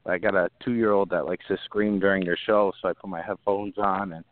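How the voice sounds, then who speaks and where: A man calling into a show, nervous and halting, laughing between words. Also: deep voice, fairly even intonation. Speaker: caller. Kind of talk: casual chat. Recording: tinny phone line.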